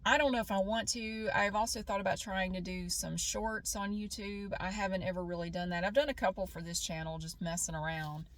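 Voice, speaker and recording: A woman's voice: mid-range voice, steady tone, brisk, hardly any pauses, a bit bright. Middle-aged woman, everyday vlogger, candid, muses aloud, mid-range voice. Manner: candid, thinking aloud, repeats herself. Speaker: YouTube creator. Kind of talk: casual talk to camera.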